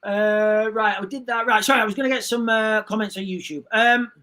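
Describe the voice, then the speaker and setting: A male livestream host chats casually and reads out comments in a high-pitched, brisk voice. He rambles, restarts often, and tosses in animated asides.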